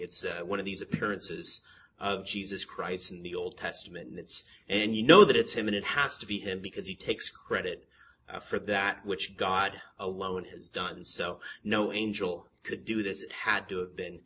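Bright-voiced pastor preaching with rising fervor. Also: male voice, deep voice, moderate pace, a little hiss or hum. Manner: builds from calm teaching to impassioned, emphatic questioning; joking asides to the congregation. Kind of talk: sermon. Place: church sanctuary with a congregation.

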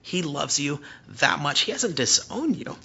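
Bright, husky-voiced man preaching. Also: a little high, highs cut off. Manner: animated, rising to near-shouting emphasis; hushed, slow prayer voice. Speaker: pastor. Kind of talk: sermon.

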